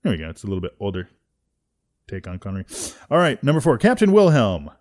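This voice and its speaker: A man's voice: fairly low pitch, wildly swooping pitch, fast talker, darkish tone. A man talking casually and hesitantly before reading audition lines. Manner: hesitant, many fillers. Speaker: voice actor auditioning.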